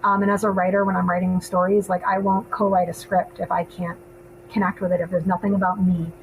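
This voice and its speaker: A woman's voice: lowish voice, little pitch movement, a little fast, slight background noise, low-quality recording. A woman in her thirties, a filmmaker co-hosting a podcast, chatting casually with lots of ums. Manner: chatty, laughs often, many ums. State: hiccups. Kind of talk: casual panel chat.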